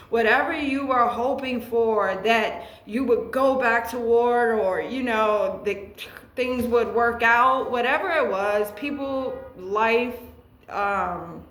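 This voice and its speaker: A woman's voice: fairly high pitch, takes it slowly, a bit bright, roomy sound, a little hiss or hum, low-quality recording. A woman giving a tarot reading and chatting about her own life, earnest and emotional, often restarting her sentences. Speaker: tarot reader. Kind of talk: tarot reading with personal chat.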